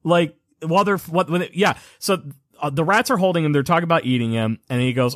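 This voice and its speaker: A man co-hosting a casual podcast, riffing on a movie with animated tangents and frequent laughter. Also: on the high side, fast, no echo, studio quality. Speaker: podcast co-host.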